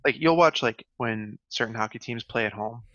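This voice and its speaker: A man's voice: mid-range voice, normal speed, pushed and bright, no echo, muffled recording. A young man co-hosting a casual history podcast, chatty and full of fillers. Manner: chatty, many fillers, lots of "like". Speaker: podcast co-host.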